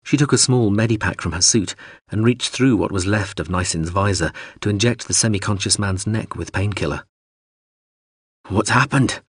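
Brief: very low, husky male narrator, dry close mic, measured reading. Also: no echo. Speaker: audiobook narrator. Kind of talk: scripted narration.

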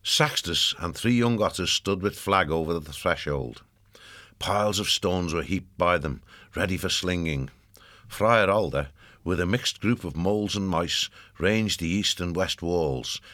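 A man narrating an audiobook in a steady, measured storytelling manner, recorded on a close studio mic. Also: low-pitched, no room sound.

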